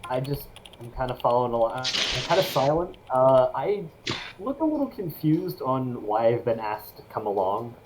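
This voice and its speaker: A man's voice: medium pitch, sing-song, normal speed, background noise. A man playing a tabletop game, hesitant and stammering. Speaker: player.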